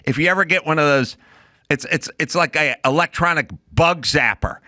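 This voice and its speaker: A man's voice: a little high, normal speed, sharp tone, no room sound, clean studio sound. A middle-aged man co-hosting a podcast, riffing in comedic casual chat and acting out voices and sound effects. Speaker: podcast co-host.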